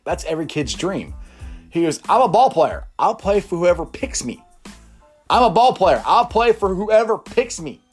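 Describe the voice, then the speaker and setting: A man hosting his own sports talk show, talking in a rambling, opinionated, animated way. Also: on the high side, husky. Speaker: sports podcast host.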